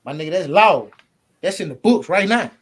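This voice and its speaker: Guy from houston talking high and cocky in an online debate, slangy, swears a lot. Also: animated, normal speed, slightly rough. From Houston, Texas. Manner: loud, boastful street slang, swearing.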